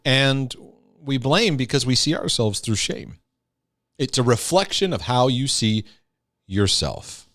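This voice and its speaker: A man's voice: mid-range voice, very animated, measured pace, a bit bright, no echo, clean studio sound. A man giving an earnest, emphatic teaching talk on healing, sometimes acting out scolding parents. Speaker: Christian teacher and speaker.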